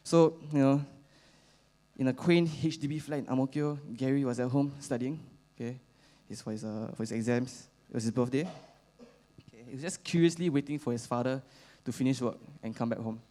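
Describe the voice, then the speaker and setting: A young man with a Singaporean English accent telling a story as a youth church speaker, halting with many fillers and casual slang particles. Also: medium pitch, fairly even intonation, warm tone. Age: young adult.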